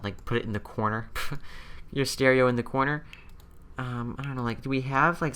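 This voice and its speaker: Building in a game, a young video host chats in a relaxed, unscripted, meandering way, his voice bright, clear and medium in pitch. He thinks aloud and hesitates a lot, padding the gaps with ums and likes.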